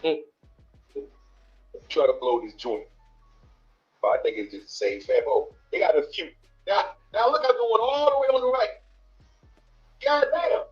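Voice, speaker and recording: Man, high voice, blunt and preachy, hosting reaction talk, faint music behind. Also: a little slow, pauses often, highs cut off. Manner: blunt, preachy, swears freely. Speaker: host. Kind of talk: casual reaction commentary.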